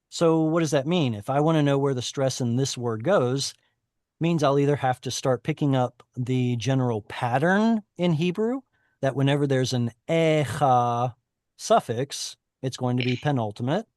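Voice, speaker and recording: A man's voice: medium pitch, moderate pace, darkish tone, no room sound, clean studio sound. A man teaching a Hebrew reading class over a video call, explaining at length and correcting himself often. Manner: explanatory, self-correcting, chatty.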